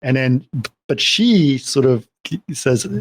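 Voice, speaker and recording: A man's voice: mid-range voice, animated, slow, a little hiss or hum. A man on a podcast recapping a film scene by scene in casual chat, rambling along and checking in with "right?".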